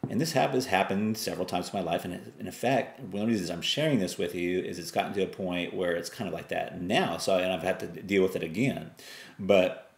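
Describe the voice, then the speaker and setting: A middle-aged man talks to camera in a relaxed, folksy, meandering way, a little low in pitch and with a gravelly edge. The room around him gives his voice a noticeable echo. He sounds like a regular vlogger chatting with viewers. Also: a little fast. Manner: folksy, rambling, acts out exasperated quotes. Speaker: online business vlogger. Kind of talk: casual motivational talk to camera.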